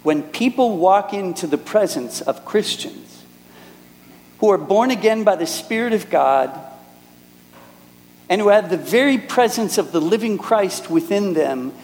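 An earnest middle-aged man from Minneapolis preaches to a congregation, his voice sitting a little high for a man. He tells stories and voices the people in them. Long reverb hangs on his words in a big hall. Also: a little mellow. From Minneapolis, United States. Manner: earnest storytelling, acts out quoted speakers. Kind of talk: sermon with personal stories.

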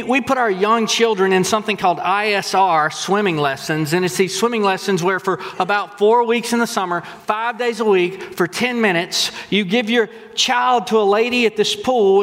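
Pastor guy preaching, high voice, acts out the quotes, big echoey hall. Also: brisk, few pauses. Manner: animated storytelling with acted-out quotes. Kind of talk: sermon. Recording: long hall reverb.

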